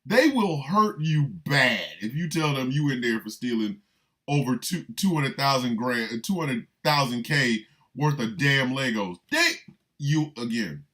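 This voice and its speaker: An older man hosting a radio show, riffing in an animated, rambling comic monologue full of emphatic repetition. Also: medium pitch, unhurried.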